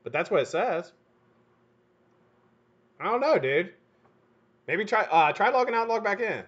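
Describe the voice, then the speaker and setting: A middle-aged man hosting a live stream, telling a profane, animated story while he works. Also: high-pitched, unhurried, breathy edge. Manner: animated, profane, laughs at his own story. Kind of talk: casual storytelling while building coils. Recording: dull lo-fi stream audio.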